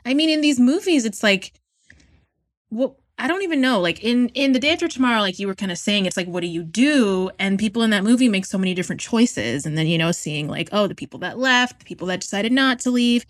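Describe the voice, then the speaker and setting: A woman's voice: mid-range voice, animated, fast. A woman co-hosting a podcast, chatting casually with lots of fillers and asking her guest questions. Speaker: podcast co-host. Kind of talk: casual chat.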